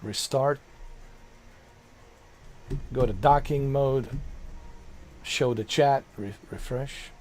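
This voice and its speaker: A male game streamer talks unhurriedly in casual live-stream chatter. He rambles, circles back to repeat himself and swears offhandedly. His voice sits at an ordinary middle pitch. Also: drawn-out words, pauses often, darkish tone, slight background noise.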